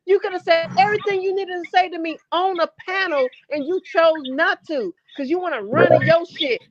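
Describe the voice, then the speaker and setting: A woman with a high voice ranting bluntly and profanely on a live stream. The audio is dull and lo-fi, with faint hiss underneath. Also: wildly swooping pitch, brisk. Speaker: livestream co-host. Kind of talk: heated live-stream commentary.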